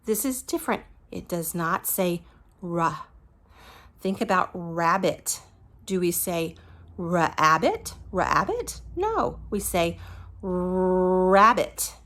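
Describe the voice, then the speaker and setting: A woman leads a phonics lesson for small children at an unhurried, drawn-out pace. She models each letter sound with care and gives gentle praise along the way. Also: on the low side, big pitch swings. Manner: slow, patient, encouraging, models each sound. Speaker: teacher.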